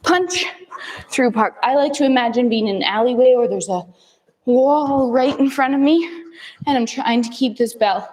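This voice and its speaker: A woman's voice: fairly high pitch, normal speed, a little mellow, in a large hall, rough recording. A woman fitness instructor leading a follow-along kettlebell workout, cueing moves in short upbeat counts.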